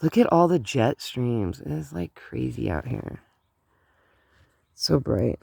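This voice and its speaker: A middle-aged woman ranting in a casual outdoor vlog, animated and indignant, rambling with many fillers, recorded on a handheld phone. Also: rumbling low, slow pace, gravelly, husky, dry recording, clean studio sound. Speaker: vlogger. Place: outdoors in cold morning air.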